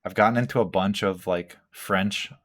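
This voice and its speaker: A laid-back man chatting on a tattoo podcast. His voice sits very low and stays fairly flat. He rambles loosely, leaning on filler words and dropping the occasional curse. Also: moderate pace. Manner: reads out listener questions. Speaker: tattoo artist and podcast host. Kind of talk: casual chat.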